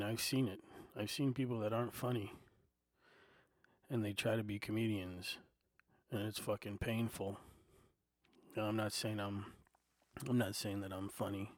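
A man with a fairly low voice rants into a desk microphone, swearing freely and dropping "you know" into nearly every sentence. He sounds heated but loose, like an unscripted solo podcast. The sound is close and dry, with no room echo. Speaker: podcast host. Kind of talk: casual solo podcast rant. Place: home desk. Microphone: desktop microphone and recorder.

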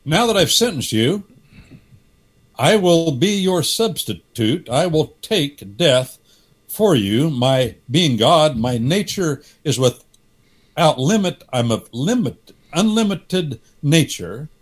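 A man voicing a solemn divine judge who offers to take the place of the man he has just sentenced, speaking in slow, measured declarations. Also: a little high, big pitch swings, voice pushed up, exaggerated voice.

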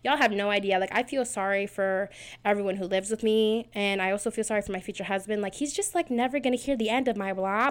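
A chatty woman in her twenties hosts her own podcast from a small home setup. She rambles, jokes at her own expense and talks quickly. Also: mid-range voice. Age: 20s. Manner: chatty, rambling, self-deprecating, fast-talking. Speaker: podcast host. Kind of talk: casual solo podcast chat.

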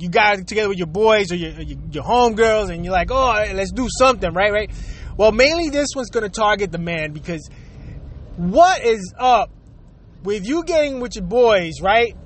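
A middle-aged man with an unusually high-pitched voice vents straight to his audience. He swears freely, repeats himself and keeps hammering rhetorical questions in a heated rant. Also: fairly bright tone. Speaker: vlogger. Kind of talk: profane ranting monologue.

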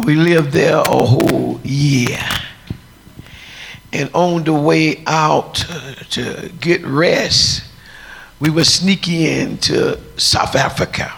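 A deep-voiced woman preacher telling a testimony, acting out the dialogue as she tells it. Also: slow, vocal fry, slight background noise. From United States. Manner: storytelling, acts out dialogue.

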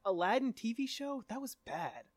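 A man's voice: extremely high pitch, expressive, moderate pace, dry recording, studio quality. A young man co-hosting a podcast, teasing his friends in casual, profane banter. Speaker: podcast co-host.

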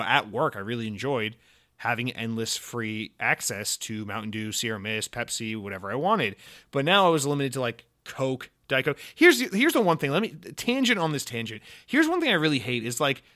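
A man's voice: medium pitch, a little fast. Male solo podcast host, young adult, mid-range voice, mock-serious rambling rants. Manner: mock-serious, rambling, animated with many restarts and fillers.

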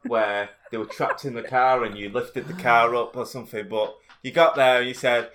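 A man's voice: medium pitch, fairly even intonation, moderate pace, few pauses, a bit bright. A man telling a rambling anecdote in casual chat, with mock outrage. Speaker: storyteller in a podcast chat.

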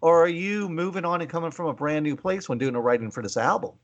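A man's voice: fairly high pitch, fast talker, highs cut off. A man hosting a podcast interview, asking long rambling questions with joking asides.

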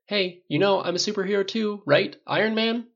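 A man's voice: mid-range voice, animated, fast talker, a bit bright, highs cut off. A man voicing a cocky, quippy billionaire superhero in an audiobook, speaking in teasing banter.

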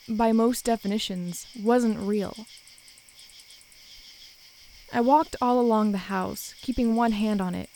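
Woman narrator, mid-pitched voice, steady and measured, for a first-person horror tale. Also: a little hiss or hum, rough recording.

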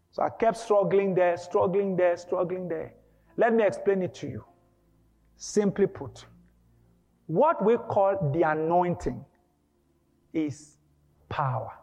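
A high-voiced male preacher gives a dramatic, emphatic sermon, often rising to a shout. The sound is dull and lo-fi. A long reverb trails off every word in the church hall.

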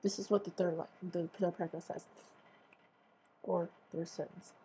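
A woman's voice: lowish voice, level tone, normal speed, mellow, slight background noise, poor audio. A woman hosting her own podcast, ranting in a profane, exasperated and sarcastic way. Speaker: podcast host. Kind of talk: casual ranting monologue.

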